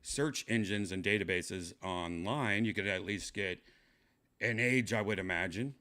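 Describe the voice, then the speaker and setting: A man with a very deep, low voice hosts a casual podcast. He talks deadpan and trolling, drags his fillers out and mutters quiet asides into a studio mic. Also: unhurried. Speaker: podcast host.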